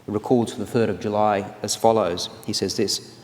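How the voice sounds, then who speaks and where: Low-voiced man lecturing in a hall. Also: fairly even intonation, darkish tone, a little hiss or hum. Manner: measured, scholarly delivery with occasional restarts. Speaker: guest lecturer on legal history. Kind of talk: formal public lecture read from a paper. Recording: long reverb of a lecture hall.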